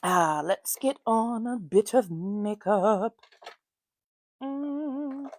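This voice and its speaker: An American woman hosts a casual livestream while doing her makeup, chatting, warmly greeting viewers by name and laughing often. Her voice is a little high, and she speaks very slowly.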